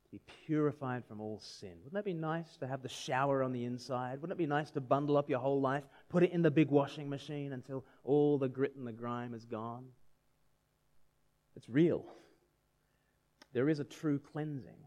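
A man's voice: mid-range voice, normal speed, darkish tone. A man in his thirties preaching a sermon in a conversational way, asking his listeners questions. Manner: conversational, asks the audience questions.

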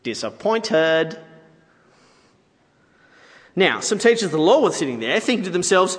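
A man delivers a sermon in a relaxed, chatty way, with playful asides to his listeners. His voice sits a little high and swings widely in pitch. The sound carries a long hall reverb. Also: normal speed, long pauses. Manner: conversational, playful asides to the audience. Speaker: preacher.

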